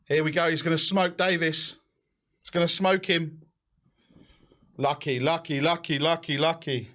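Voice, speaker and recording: A young man hosting a live football watch-along, excitable and shouting encouragement. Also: a little high, measured pace.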